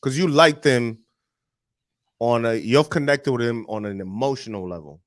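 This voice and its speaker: A man co-hosts a podcast and chats in a relaxed, slangy way, jumping in often with questions and asides. His voice sits in a middle register for a man. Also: medium pitch, normal speed. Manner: laid-back, slangy, chimes in often. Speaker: podcast co-host. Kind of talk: casual chat.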